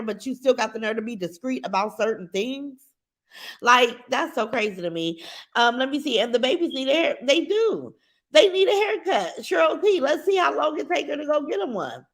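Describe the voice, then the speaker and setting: A middle-aged woman hosting a casual livestream, bluntly giving her opinions and reading comments from chat. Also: high-pitched. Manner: blunt, opinionated, animated, addresses chat directly.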